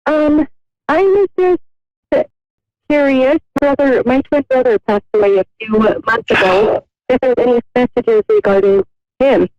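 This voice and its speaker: A woman calling in to a psychic show, giving quiet brief replies. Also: high voice, a little slow, dry recording, dull audio. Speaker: caller.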